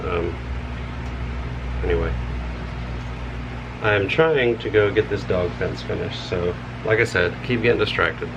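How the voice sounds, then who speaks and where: Homesteader, deep gravelly voice, rambling frank vlog talk, music underneath. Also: male voice, unhurried, long pauses, background noise. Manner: rambling, frank, thinking out loud. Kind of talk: casual vlog talk to camera.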